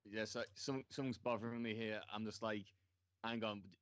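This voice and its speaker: A man's voice: on the low side, steady tone, fairly quick, a bit bright, no room sound, lo-fi sound. A man in casual chat, asking puzzled follow-up questions.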